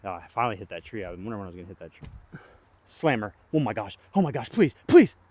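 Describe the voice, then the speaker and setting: A young man filming himself outdoors, giving excitable play-by-play of his own throws as he talks to himself, pleading and groaning. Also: lowish voice, fast. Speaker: disc golf vlogger. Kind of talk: self-filmed play-by-play commentary. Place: outdoor disc golf course.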